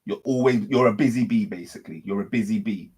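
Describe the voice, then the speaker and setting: Fairly low in pitch, a little mellow and breathy at the edges, this man talks fast. As a spiritual teacher speaking off the cuff, he repeats and reworks his phrases and regularly corrects himself.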